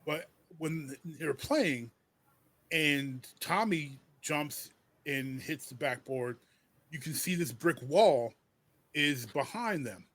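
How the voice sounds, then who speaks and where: A man hosting a casual podcast, joking about a film with many quick restarts. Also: fairly high pitch, expressive, a bit bright. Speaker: podcast host.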